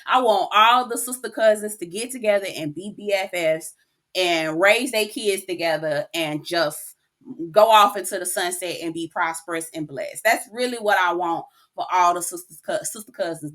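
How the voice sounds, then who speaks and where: A woman giving casual, expressive commentary recapping a reality TV episode, talking to the viewer like a close friend. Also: on the low side, moderate pace. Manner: chatty, expressive, keeps calling the viewer "girl"; emotional, near tears at moments.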